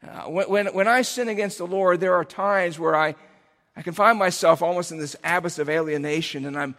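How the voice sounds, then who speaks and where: Earnest pastor preaching in a reverberant hall. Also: male voice, high-pitched, brisk, fairly bright tone. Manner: earnest, building to emphatic cries on key phrases. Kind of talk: sermon.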